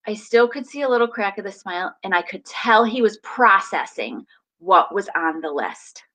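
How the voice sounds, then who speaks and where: A woman hosting a live parenting advice talk, animated and emphatic as she speaks straight to viewers. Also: medium pitch, moderate pace, poor audio. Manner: animated, emphatic, acts out family dialogue.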